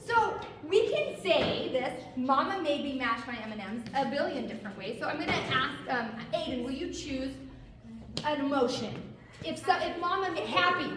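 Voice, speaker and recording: High-voiced woman coaching kids from afar. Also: brisk. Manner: animated and encouraging, asks the audience questions. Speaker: theater and vocal coach. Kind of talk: talk to a group of kids. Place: room full of kids, heard from far off. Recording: echoey room, distant mic, background noise.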